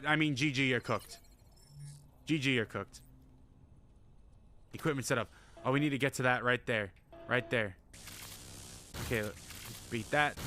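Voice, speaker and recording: A man streaming a video game, commenting casually, yelling and joking at the characters. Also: a little high, slight background noise. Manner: loud, excitable, yells and jokes at game characters. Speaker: gaming streamer. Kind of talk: casual let's-play commentary.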